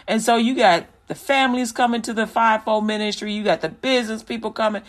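A man's voice: high-pitched, steady tone, quick pace, few pauses. A man hosting a Christian radio show, talking in a loose, slangy, rambling way and preaching casually to listeners.

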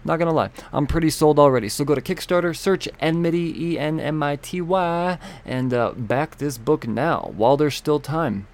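A man's voice: a little high, normal speed, few pauses. A man hosting a comics podcast, reading sponsor spots casually, rambling and joking with himself. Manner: rambling, self-interrupting, jokey. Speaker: podcast host. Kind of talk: casual podcast reads and intro.

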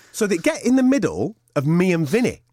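Man, animated storyteller, swears and laughs, lively pitch swings, dry close sound. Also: a little slow, no echo. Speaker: podcast co-host. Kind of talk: casual chat.

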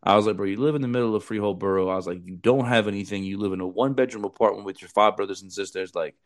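A man's voice: lowish voice, rapid-fire. Blunt, profane man telling stories. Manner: blunt, profane, says bro a lot. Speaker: podcast host, former Marine recruiter. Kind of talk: casual storytelling chat.

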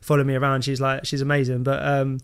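A man's voice: medium pitch, quick pace, smooth. A man in his thirties, a goalkeeper guest on a podcast, telling stories in casual chat and acting out the quoted lines. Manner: animated anecdotes, acts out quoted lines.

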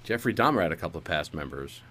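A man's voice: sits low, lively intonation, fast, sharp tone, a little hiss or hum. A man in casual comedic chat, riffing improvised bits and swearing freely. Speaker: podcast co-host.

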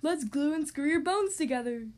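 A woman voicing a helpful male monster friend in a children's storybook reading, speaking loud and steady. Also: sits high, normal speed.

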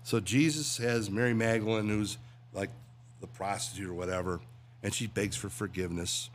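A man's voice: fairly low pitch, fairly even intonation, normal speed, a little hiss or hum. A man who works in radio and voiceovers, a guest chatting casually and telling jokes with acted voices. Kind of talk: casual chat and joke-telling.

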